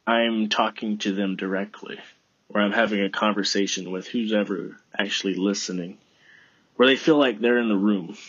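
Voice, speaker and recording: A man's voice: fairly low pitch, slightly rough, no echo, lo-fi sound. A man hosting his own podcast, talking alone in a casual, rambling way with frequent swearing. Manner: rambling, profane, self-talking. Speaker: podcast host. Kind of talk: casual solo podcast monologue.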